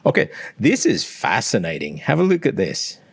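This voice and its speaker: With a mid-range voice that swings hugely in pitch, this Australian man coaches language at a moderate pace, explaining pronunciation and demonstrating sounds like a teacher. His tone is creaky and slightly rough throughout the explanatory analysis.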